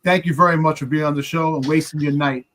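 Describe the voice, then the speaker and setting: Casting: male co-host, high voice, rapid-fire jokes and banter. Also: steady tone, over a noisy crowd. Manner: joking, playful banter with quick bits. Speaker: podcast co-host. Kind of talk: casual chat.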